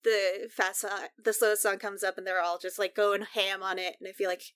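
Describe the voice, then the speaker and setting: A young woman playing a tabletop game, chatting in a giggly, excitable way. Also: mid-range voice, brisk, clear, resonant tone, no echo. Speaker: player. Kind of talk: casual game chat.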